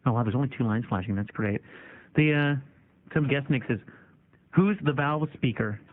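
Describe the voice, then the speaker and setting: Wisecracking radio host on a tinny line. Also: male voice, mid-range voice, lively intonation, moderate pace. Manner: wisecracking, teasing callers. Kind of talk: joking call-in radio banter.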